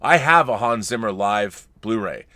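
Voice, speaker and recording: A man's voice: fairly low pitch, animated, normal speed, pushed and bright, dry recording. A man co-hosting a casual podcast, chatting about a film and reading out viewer comments and letters, with frequent restarts. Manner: rambling, restarts, reads letters aloud. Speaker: podcast co-host.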